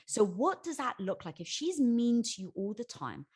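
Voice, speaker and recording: A bubbly woman guest on a podcast, her high voice leaping across a wide range as she talks. She laughs easily and drops to a low, earnest tone when she explains. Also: normal speed, husky. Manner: bubbly, laughs often, swings from excited squeals to low earnest tones. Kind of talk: animated interview conversation.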